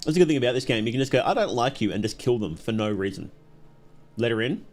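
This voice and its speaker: Lively young man laughing through gameplay. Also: mid-range voice, fast. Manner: chatty, laughs often, reads game lines aloud. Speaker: streamer. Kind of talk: live gameplay commentary.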